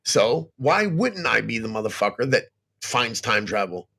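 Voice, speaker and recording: A man with a gravelly, husky voice, pitched a little high, that jumps up and down sharply as he talks. He is agitated and emotional on a livestream and curses constantly. He swings between bragging and pleading. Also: big pitch swings, measured pace, sharp tone. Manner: agitated and profane, cursing constantly; boastful, then distressed and pleading. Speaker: guest on a livestream. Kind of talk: emotional casual chat.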